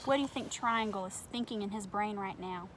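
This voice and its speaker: A woman reading a picture book aloud to children at home, gentle and expressive, talking straight to her young viewers. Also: mid-range voice, a little fast, background noise.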